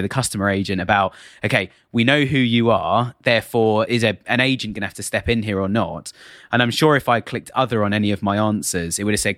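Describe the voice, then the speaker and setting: Fast-talking British podcast host. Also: male voice, on the low side, no echo, studio quality. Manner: animated storyteller who acts out exchanges. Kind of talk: conversational podcast chat.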